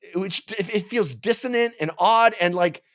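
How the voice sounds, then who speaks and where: A man's voice: high voice, moderate pace, fairly bright tone. A man co-hosting a film review podcast, ranting in exasperated disbelief in casual chat. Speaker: podcast co-host.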